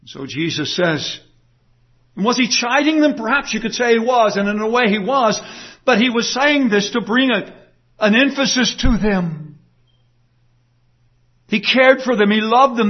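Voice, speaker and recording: A man delivers an earnest, emphatic sermon, pressing his listeners with rhetorical questions. His voice sits high for a man and carries a husky edge. The recording sounds dull and muffled. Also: lively intonation, unhurried. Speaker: pastor.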